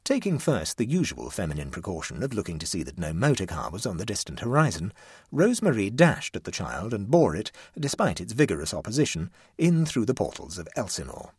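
Husky, animated male storyteller. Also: fairly low pitch, fairly quick, dry recording, clean studio sound. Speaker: narrator. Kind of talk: audiobook narration.

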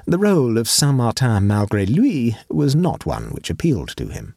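A man narrating a classic humorous short story in a wry, measured manner. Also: mid-range voice, wildly swooping pitch, vocal fry, dark tone, dry recording, clean studio sound.

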